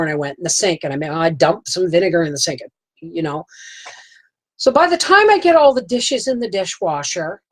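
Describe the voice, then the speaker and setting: A woman's voice: on the low side, low-quality recording. A woman vlogging from her homestead, telling a rambling, emotional story in a folksy, chatty way. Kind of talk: casual storytelling to camera.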